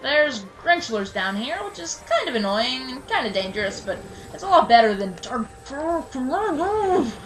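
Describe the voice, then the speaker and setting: This woman's voice sits high and swings widely in pitch as she talks at normal speed, giving chatty, self-deprecating gameplay commentary punctuated by fake-furious outbursts at enemies. The rough recording has game music behind it and a little hiss or hum.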